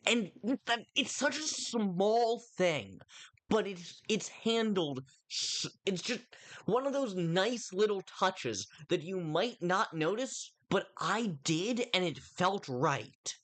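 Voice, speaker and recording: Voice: medium pitch, lively intonation, takes it slowly, fairly bright tone. A livestreamer giving casual spoken commentary on a film, rambling, often breaking off mid-sentence to restart, and addressing viewers in chat directly. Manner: rambling, with frequent self-interruptions and restarts.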